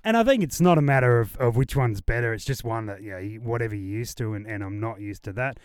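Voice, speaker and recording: A man's voice: mid-range voice, lively intonation, fast, clean tone, no room sound, studio quality. A man hosting a podcast, joking and bantering with competitors at an outdoor shooting range. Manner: jokey, matey banter. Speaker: podcast host interviewing competitors. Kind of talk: casual on-site interviews.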